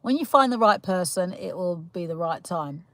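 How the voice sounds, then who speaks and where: A woman's voice: fairly low pitch, expressive, moderate pace, a bit bright, no room sound, low-quality recording. A young British woman hosting a casual livestream, chatting and giggling as she welcomes viewers, with lots of fillers and restarts. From United Kingdom. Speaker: livestream host. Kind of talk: casual live chat greeting viewers.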